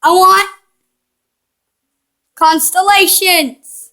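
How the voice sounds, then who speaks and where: Woman, let's-play commentary, cheeky, unhurried, bright tone. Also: sits high. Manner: playful, cheeky, teasing the game characters. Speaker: gaming channel host.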